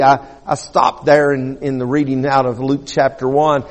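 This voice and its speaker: A man's voice: medium pitch, steady tone, normal speed, few pauses, big-room sound. A man preaching a sermon, earnest and often repeating himself as he builds a point. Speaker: pastor.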